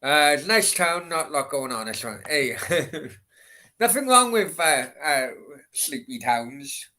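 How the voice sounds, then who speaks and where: A young man streams a football watchalong, chatting with viewers and bluntly swearing at the players as he gives live match commentary. His voice sits on the high side and comes across expressive, bright and forceful, though he speaks slowly.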